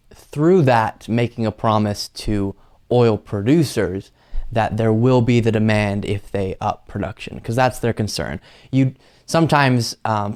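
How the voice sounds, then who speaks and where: A man's voice: fairly low pitch, darkish tone. A man hosting a political commentary show, talking casually and with open opinions between news clips. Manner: conversational, opinionated, frequent um fillers.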